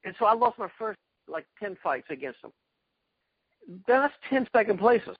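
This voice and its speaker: A man being interviewed, telling excited stories about past fights and acting out quotes. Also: high voice, normal speed, breathy edge, no room sound, dull audio. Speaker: guest, karate fighter. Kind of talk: animated storytelling interview.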